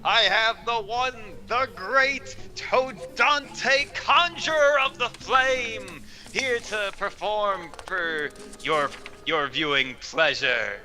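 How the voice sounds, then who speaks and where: A man putting on a loud carnival barker, drawing out his grand announcements of a fire act. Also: high voice, slow pace, soft background music, pitched above the performer's own voice, full character voice. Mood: grandiose.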